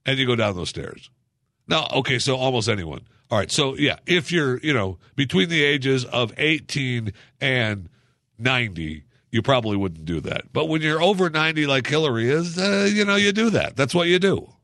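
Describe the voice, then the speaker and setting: A man's voice: mid-range voice, sharp tone, dry recording. Sarcastic ranting man, dry sound. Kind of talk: casual political commentary.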